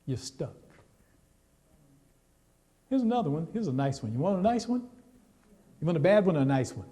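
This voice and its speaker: Conversational preacher in an echoing church. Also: male voice, fairly high pitch, sing-song, normal speed, mellow, husky. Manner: conversational and teasing, talks straight to the congregation. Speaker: pastor. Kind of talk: sermon. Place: church sanctuary. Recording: long reverb of a church hall.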